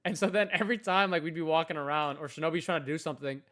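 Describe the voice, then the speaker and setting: A man's voice: a little high, very fast, fairly bright tone. A young man chatting casually on his livestream, telling loose stories full of slang and swearing, calling everyone bro. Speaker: day-trading livestreamer.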